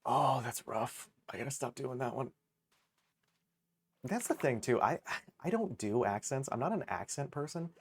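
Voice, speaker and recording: A man's voice: mid-range voice, expressive, normal speed, husky. Rambling, self-mocking male streamer. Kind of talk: casual gaming livestream chatter.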